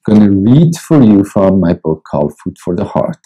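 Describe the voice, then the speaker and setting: A male pastor reading and preaching a devotional in a slow, deliberate way with long pauses. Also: deep voice, big pitch swings, mellow, breathy edge, poor audio. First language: Persian.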